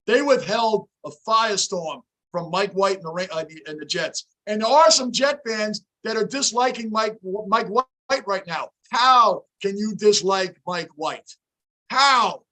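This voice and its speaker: Hoarse, excitable sports fan host. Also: male voice. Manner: excitable, shouts at the game, high emotion; chats with viewers by name, off topic. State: hoarse, voice worn out from yelling. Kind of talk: casual live reaction chat.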